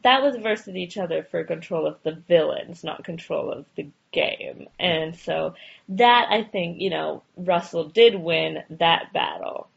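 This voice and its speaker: This woman co-hosts a podcast, keeping the talk casual and chatty with lots of fillers and frequent laughter. She speaks unhurriedly in a fairly low, husky voice with vocal fry. The recording is dull and lo-fi.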